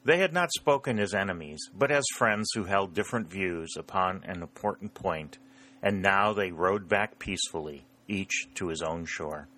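A man narrating a historical novel in a steady, measured reading. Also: low voice. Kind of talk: storybook narration.

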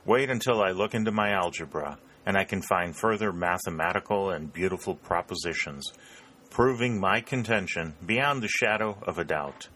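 A man voicing a bookish young soldier who talks in a wry, deliberate, mock-formal way. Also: deep voice, pushed and bright.

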